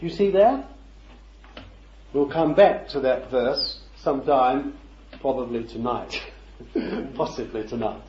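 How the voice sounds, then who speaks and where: A man's voice: medium pitch, slow pace, pauses often, noisy background. A man preaching a sermon, talking conversationally and peppering it with rhetorical questions and chuckles. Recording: roomy, dull lo-fi recording.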